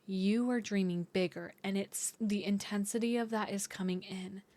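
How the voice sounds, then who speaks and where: Female tarot reader, dreamy and searching, mid-pitched voice. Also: fairly even intonation, normal speed, a little mellow. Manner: dreamy, searching, many fillers and restarts. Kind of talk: intuitive tarot reading to viewers.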